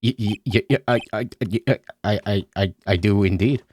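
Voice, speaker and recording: A streamer voicing a shy ventriloquist man who stutters heavily and speaks timidly, lower than their own voice. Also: moderate pace, darkish tone, slight background noise, close to an everyday voice. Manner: heavy stammer, timid. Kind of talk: game dialogue read-along.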